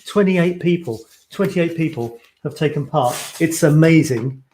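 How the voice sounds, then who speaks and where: A man's voice: on the high side, darkish tone, a little hiss or hum. A man hosting a casual photo challenge livestream, chatting in a rambling, friendly way and reading out viewer comments. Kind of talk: casual live stream chat.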